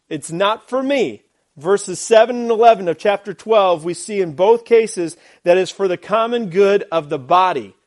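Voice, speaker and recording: A man's voice: sits high, darkish tone. A man preaching a sermon as pastor, emphatic, with rhetorical questions and repeated phrases. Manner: uses a glove as a prop.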